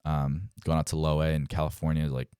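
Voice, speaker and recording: Very deep-voiced young man telling stories. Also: fairly quick, smooth, no echo, clean studio sound. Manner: animated, acts out quoted dialogue, frequent "like". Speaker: pro baseball player guest. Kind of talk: casual storytelling.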